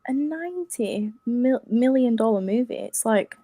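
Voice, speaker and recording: A young woman guest on a casual podcast, animated and sometimes losing her train of thought. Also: fairly high pitch, measured pace, no room sound. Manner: animated, trails off searching for words. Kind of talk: casual chat.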